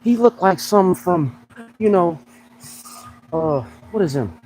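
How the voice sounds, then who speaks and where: A young man with a fairly high voice that leaps all over the place as he jokes around. His talk is loose and slangy, in the easy flow of a casual livestream chat. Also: a little slow, slight background noise, low-quality recording. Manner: animated, joking, slangy. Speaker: fitness coach and pro bodybuilder.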